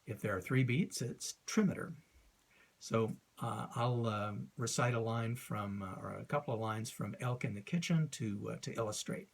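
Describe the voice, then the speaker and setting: A man, an author, explaining a poetic rhythm in an informal lesson, talking unscripted with many ums and uhs and reciting verse slowly. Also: medium pitch, gravelly.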